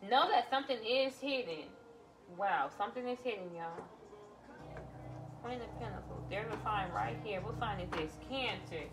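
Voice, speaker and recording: A woman's voice: mid-range voice, normal speed, far from the mic, over music. A woman doing a casual tarot reading, blunt and exclamatory, swearing freely as she lays out cards. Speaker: tarot reader.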